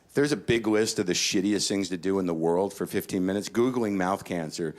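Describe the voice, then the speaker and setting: A man's voice: sits low, a little fast, darkish tone, a little hiss or hum. A middle-aged man doing stand-up, telling a story in a neurotic, profane rant and jumping up into panicked quoted lines. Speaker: stand-up comedian.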